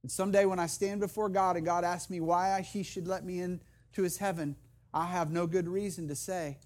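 Brief: middle-aged male pastor, high voice, impassioned sermon, rising repeated calls. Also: steady tone, brisk. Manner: impassioned, builds to loud emphatic repetition; earnest, personal storytelling with restarts.

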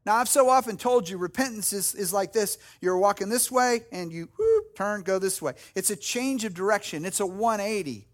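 A man's voice: high-pitched, normal speed, hardly any pauses. A man preaching a sermon as a pastor, earnest, acting out prayers and little dialogues, often restarting phrases.

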